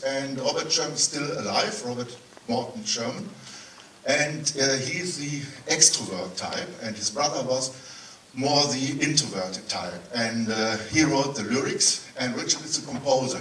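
A man's voice: medium pitch, pushed and bright, slight background noise. A man with a German accent giving a chatty, digressive live introduction to a film screening for a festival audience. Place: large cinema auditorium. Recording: roomy hall sound from far off.

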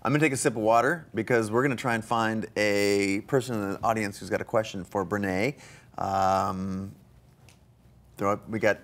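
A man with a fairly low voice hosts a live interview, chatty and animated. He jumps in with quick enthusiasm and keeps things moving. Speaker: host.

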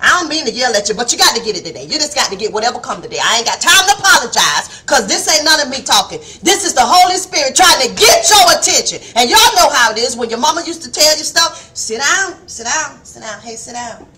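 Brief: woman preacher, high bright voice, impassioned, sometimes shouting. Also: big pitch swings, quick pace, few pauses, slight background noise. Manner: impassioned, preachy, calls listeners baby, rising to shouts; acts out soft and stern quoted voices. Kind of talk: fiery devotional sermon.

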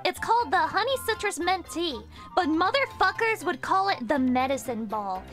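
A young woman streaming, chatting casually with her viewers and swearing with loud outbursts. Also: very high-pitched, big pitch swings, normal speed, soft background music. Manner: profane, loud outbursts, rowdy. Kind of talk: casual chat reading chat messages.

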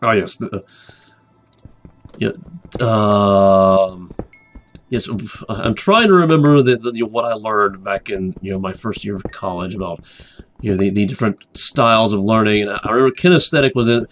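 A man rambling through a gameplay commentary, repeating himself, drifting off topic and dropping into excited whispers. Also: on the low side, normal speed, slight background noise. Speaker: gaming commentator. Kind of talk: rambling let's-play commentary.

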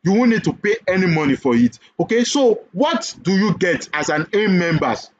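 A man with a Nigerian accent delivers a persuasive sales webinar pitch for an online business course, packed with repeated questions and "okay?" checks. He sounds animated and brisk, though the recording is muffled.

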